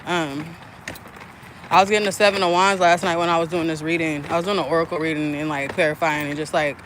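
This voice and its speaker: A woman's voice: deep voice, steady tone, fast talker, a bit bright, a little hiss or hum. A woman around thirty in a candid, rambling livestream chat, swearing freely and filling gaps with "like" and "um". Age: about 30. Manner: candid, profane, rambling with frequent fillers. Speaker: spiritual content creator and mother.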